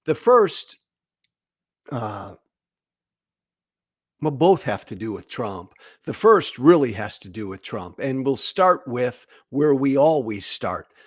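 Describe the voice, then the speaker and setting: This American podcast host and political commentator speaks at medium pitch in a sing-song way, slowly and with frequent pauses. His delivery is blunt and candid, and he tends to repeat words for emphasis.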